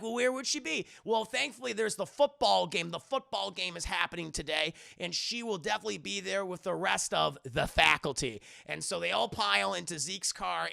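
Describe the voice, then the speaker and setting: A young man rattles through a movie plot for his live chat, cursing freely and jumping into quick voices for every character. His voice sits high with a heavy gravelly rasp and a bright, sharp edge. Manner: rambling, profane, acts out characters in quick voices. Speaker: streamer reviewing a movie.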